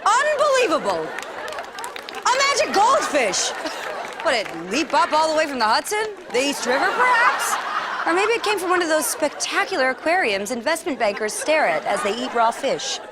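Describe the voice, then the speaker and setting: A woman performing a comic story in a theatrical, animated way, with laughing asides. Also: high voice, fairly quick, few pauses, over a noisy crowd, very noisy.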